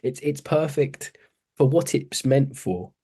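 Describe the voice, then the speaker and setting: A man's voice: mid-range voice, lively intonation, takes it slowly, warm tone, husky. A man co-hosting a podcast in casual chat, laughing and recounting film scenes animatedly. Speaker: podcast co-host.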